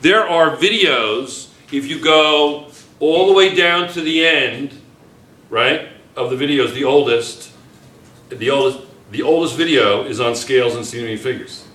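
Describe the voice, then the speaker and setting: A man teaching a chemistry class, lecturing with lots of quick checks on whether students follow. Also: mid-range voice, roomy sound. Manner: lively, keeps checking students with "yes or no?".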